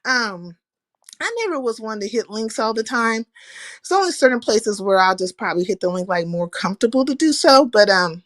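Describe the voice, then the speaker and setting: A woman's voice: fairly high pitch, expressive, brisk, fairly bright tone, no room sound. A woman hosting a casual livestream, talking animatedly, cursing freely and greeting viewers by name. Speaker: livestream host.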